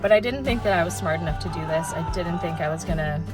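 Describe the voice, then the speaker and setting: A woman's voice: on the low side, fast. A young adult woman talking casually to camera as a vlogger, chatty and full of "like" fillers. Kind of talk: casual vlog chat. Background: loud background music.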